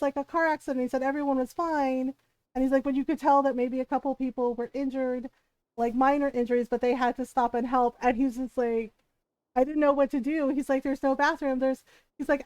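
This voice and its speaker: Brief: high-pitched woman streamer, casual and animated, telling stories with lots of "like". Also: dry recording. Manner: animated storytelling, full of "like" and acted quotes. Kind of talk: casual chat while gaming.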